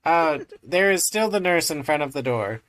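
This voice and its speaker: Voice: mid-range voice, lively intonation, moderate pace, fairly bright tone. A game master narrating a tabletop role-playing game over voice chat in a laid-back way, often laughing.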